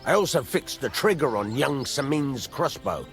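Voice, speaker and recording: An actor playing a gruff middle-aged blacksmith who grumbles and curses, in a video game. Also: male voice, mid-range voice, lively intonation, normal speed, music in the background, natural voice. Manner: gruff, cursing.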